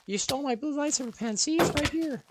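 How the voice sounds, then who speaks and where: A man voicing a whiny little schoolgirl who shrilly accuses someone, in a recording with background hiss. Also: quick pace. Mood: accusing, whiny. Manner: shrill, pleading.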